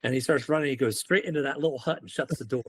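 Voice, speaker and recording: On a podcast, a UK man who served as a Marine spins casual, animated stories, voicing the characters' lines himself. His mid-range voice moves at a quick pace with a breathy edge.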